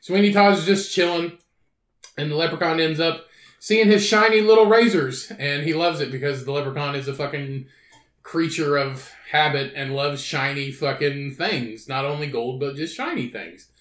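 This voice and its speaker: A man's voice: fairly high pitch, normal speed, fairly bright tone, reverberant. A man co-hosting a podcast who tells a rambling, profane story and laughs often in casual chat. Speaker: podcast co-host.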